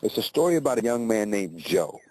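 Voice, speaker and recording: Low, mellow-voiced male storyteller. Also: very animated, brisk, poor audio. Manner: conversational, tag questions. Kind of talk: motivational storytelling.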